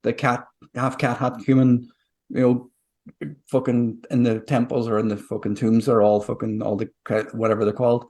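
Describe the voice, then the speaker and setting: A man's voice: medium pitch, flat delivery, normal speed, a little mellow. A man co-hosting a podcast in casual chat, rambling and swearing freely as he explains. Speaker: podcast co-host.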